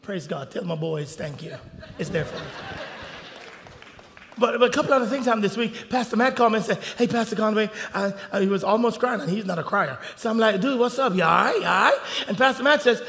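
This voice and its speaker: Man, pastor, sermon, high bright gravelly voice, hushed then shouting, long hall reverb. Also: fairly quick. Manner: swings from hushed storytelling to shouted preaching. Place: church sanctuary.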